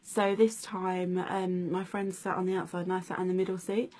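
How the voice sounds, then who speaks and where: A woman in her twenties telling a personal story in a vlog, speaking softly and hesitantly with many pauses and fillers. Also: fairly low pitch, flat delivery. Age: 20s. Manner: hesitant, many ums, soft-spoken. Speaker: vlogger.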